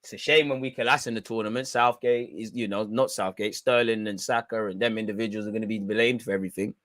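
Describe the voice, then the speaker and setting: A young man hosting a football watch-along, reacting loudly in slangy, shouty commentary. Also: lowish voice, quick pace, no echo. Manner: excitable, shouty and slangy, chanting and yelling at the referee.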